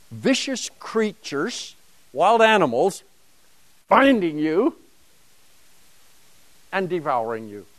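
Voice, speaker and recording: A man's voice: sits high, no room sound. A man teaching a Bible lesson to a class, emphatic and dramatic, driving home points with rhetorical questions.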